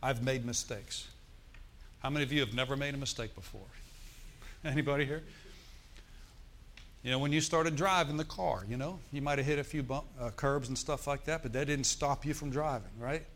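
Middle-aged guy preaching in church, tells stories, gets loud and emphatic now and then, medium pitch. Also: normal speed. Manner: storytelling preacher, emphatic with bursts of loud exclamation. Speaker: pastor. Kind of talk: sermon.

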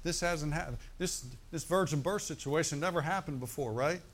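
Male pastor, fairly high voice, chatty sermon style, checks in with the room and leans on key words. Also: normal speed. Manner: conversational preaching with frequent "right?" and "amen?" asides.

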